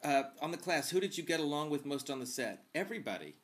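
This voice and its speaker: A man's voice: a little high, very animated, fast, fairly bright tone. A man hosting a casual vlog, answering viewer questions in a chatty, campy, wisecracking way.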